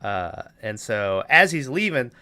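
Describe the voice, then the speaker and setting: A man's voice: mid-range voice, sing-song, a little slow, pushed and bright. A man hosting a podcast, recapping a film in a rambling, casual way, swearing and acting out lines. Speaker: podcast host.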